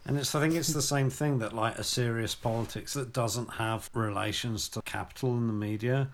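A man's voice: mid-range voice, steady tone, normal speed. A man from England, talking enthusiastically and a bit academically in a casual podcast chat, swearing now and then.

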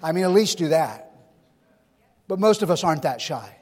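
Pastor, male, high-pitched, folksy sermon delivery, live hall reverb. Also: big pitch swings, normal speed, darkish tone, breathy edge. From California. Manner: folksy preaching with stories and rhetorical questions.

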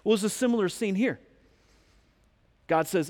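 Pastor in a reverberant church. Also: male voice, high-pitched, normal speed, darkish tone. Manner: conversational, direct asides to the congregation. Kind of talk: sermon. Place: church sanctuary.

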